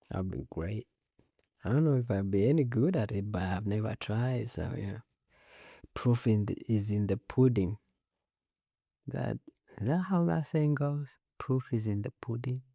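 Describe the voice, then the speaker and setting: A podcast host with a low, gravelly voice runs a loose solo talk show, speaking unhurriedly in a dark, mellow tone. He rambles, swears casually, and laughs at his own jokes, and the sound is close and dry with no room sound.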